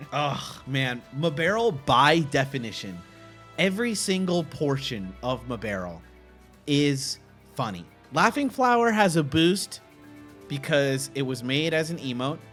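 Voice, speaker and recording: A young man hosting a casual stream, reacting with excitable laughter and animated commentary. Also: medium pitch. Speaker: streamer host.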